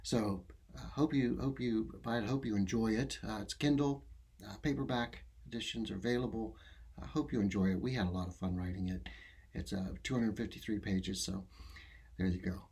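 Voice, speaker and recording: A man hosting a podcast, wrapping up a segment in a soft-spoken, halting way with many fillers. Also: on the low side, creaky, husky. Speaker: podcast host. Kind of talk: casual podcast wrap-up.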